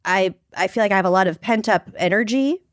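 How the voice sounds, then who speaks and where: A woman co-hosting a podcast in casual chat, talking quickly, laughing often and swearing casually. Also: medium pitch, clean tone, no room sound, studio quality. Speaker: podcast co-host.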